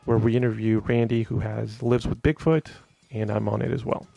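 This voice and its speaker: Gravelly-voiced man rambling on a stream. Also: lowish voice, little pitch movement, normal speed, dark tone, dry recording. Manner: rambling, laughs often, many fillers and restarts. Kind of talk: casual live-stream chat.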